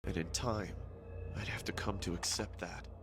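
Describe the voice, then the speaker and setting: Hushed, somber young man voiced by a man narrating a horror story, low voice over music. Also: fairly even intonation, normal speed, natural voice. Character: haunted young man recalling his brother's kidnapping. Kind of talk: scripted narration.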